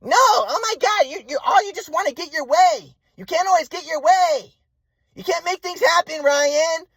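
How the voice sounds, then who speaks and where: A man putting on the voice of his furious, shrill mother, berating and swearing. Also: moderate pace, no room sound. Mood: mocking. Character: furious shrieking middle-aged mother.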